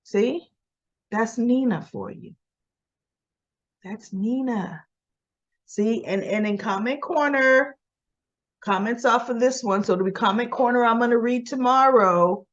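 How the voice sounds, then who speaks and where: A woman's voice: a little high, a little slow, pauses often, lo-fi sound. A woman in casual chat, giving a chatty, opinionated recap of a soap opera episode. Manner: chatty and opinionated, acts out dialogue.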